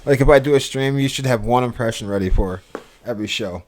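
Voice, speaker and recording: A man's voice: medium pitch, fast talker. A man co-hosting a podcast, joking and teasing the others in casual chat. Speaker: podcast co-host.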